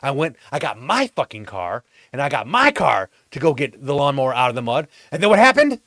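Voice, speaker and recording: Vlog host, male, mid-pitched, foul-mouthed comic ranter, dry close recording. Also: fairly quick, no room sound. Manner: profane ranting; exasperated, animated storytelling. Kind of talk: comedic monologue. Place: home.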